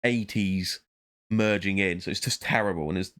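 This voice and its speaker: In a casual vlog, a man with a deep, fairly bright voice rambles at normal speed, talking to himself and cutting off his own thoughts as he mutters along.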